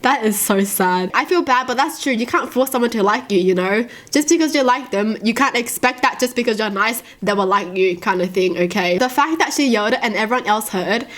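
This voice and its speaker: A woman with a hoarse voice from a sore throat, chatting and giggling as she reads stories aloud and reacts to them. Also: fairly high pitch, a little fast, hardly any pauses, fairly bright tone. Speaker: reaction video host. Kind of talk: casual reaction vlog, reading stories aloud.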